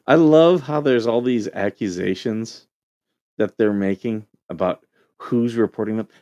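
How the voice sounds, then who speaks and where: Low-voiced veteran telling a story. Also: male voice, slow pace, long pauses, no echo, dull audio. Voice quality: relaxed, rambling with fillers. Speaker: show host, Marine veteran. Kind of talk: casual call-in show chat, storytelling.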